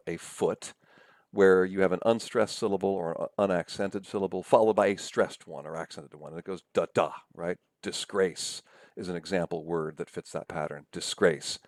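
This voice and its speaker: A man giving a recorded lecture as a professor, speaking patiently, often checking in with "right?" and slowing down to sound out words. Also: low voice, dry recording, clean studio sound. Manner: slows down to sound out syllables.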